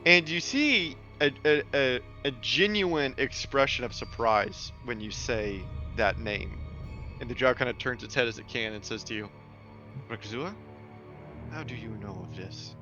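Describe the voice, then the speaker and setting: A man with a bright, forceful voice narrates a tabletop game as game master, piling on loose descriptive detail. He comes through a dull, lo-fi voice call with faint music underneath. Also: mid-range voice, moderate pace.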